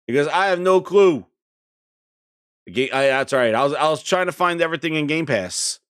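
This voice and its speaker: A man hosting a gaming live stream in casual chat from his home streaming room. He is excitable and rambling, and calls out viewers' names from the chat. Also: on the high side, moderate pace, clear, resonant tone, no echo, clean studio sound.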